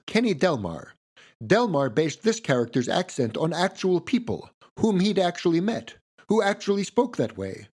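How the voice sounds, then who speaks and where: A man's voice: a little high, darkish tone. A man hosting a history podcast, reading a script in a playful way with wry asides.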